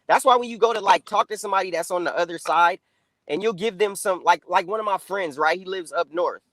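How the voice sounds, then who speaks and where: A man's voice: high-pitched, a little fast, a bit bright, no echo, low-quality recording. Casual-talking man, dry close sound. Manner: loose, conversational, many fillers like "you know" and "man". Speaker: guest. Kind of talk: casual political discussion.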